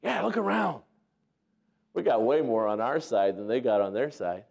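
A man doing a calm, serene old prophet. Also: mid-range voice, moderate pace, creaky, pitched below the performer's own voice. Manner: relaxed, reassuring.

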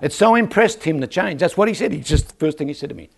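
A man's voice: a little high, big pitch swings, fast, gravelly, few pauses. A man preaching a sermon in a church, telling stories and asking the crowd for an amen. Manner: storytelling with rhetorical questions and calls for amen.

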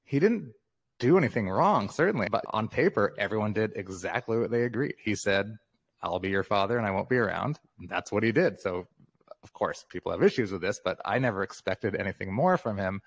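A man in his fifties, a memoir author, talking as a podcast guest in a relaxed, reflective way and laughing often. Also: lowish voice, fairly quick, husky. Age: 50s. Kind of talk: casual interview conversation.

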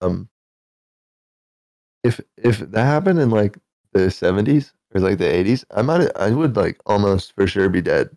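An American man with a low voice, speaking as a guest in a podcast chat. He talks calmly and plainly and slips in dry jokes. His voice sounds close and dry, with no room around it. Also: normal speed, no room sound. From United States. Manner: calm, matter-of-fact, dry humor. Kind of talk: casual chat.

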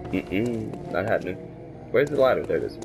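A young man commentating his gameplay, exasperated and talking back to the game, swinging from mutters to shouts. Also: lowish voice, very animated, normal speed, creaky, music in the background. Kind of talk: let's play commentary.

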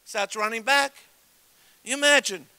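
A man preaching a sermon as a guest pastor in a church, animated and joking with the congregation. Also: very high voice, measured pace, clear, resonant tone, no echo. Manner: animated, jokes with the congregation, acts out story voices. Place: church auditorium. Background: soft keyboard music.

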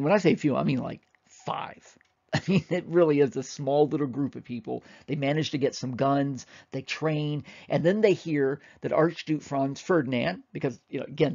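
A man's voice: fairly high pitch, vocal fry, a little mellow, lo-fi sound. A man giving a casual, rambling history lecture, often correcting himself and acting out quotes.

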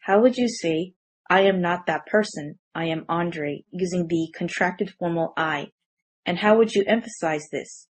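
Lowish husky woman doing a scripted grammar lesson, clear careful explaining. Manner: clear, measured explanations with slow example sentences. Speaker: language teacher.

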